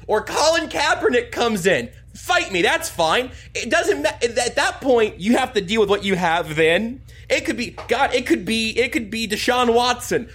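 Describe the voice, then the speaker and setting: A man's voice: very high-pitched, a bit bright. A man co-hosting a casual sports podcast, speaking emphatically and with strong opinions. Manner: emphatic, opinionated, quick asides. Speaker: podcast co-host.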